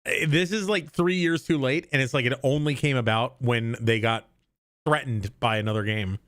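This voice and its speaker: A man's voice: medium pitch, normal speed, fairly bright tone, no echo, clean studio sound. A man, a voice actor, chatting casually on a stream while tipsy, rambling and correcting himself as he rants. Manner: rambling, self-correcting, mid-rant. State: tipsy from drinking.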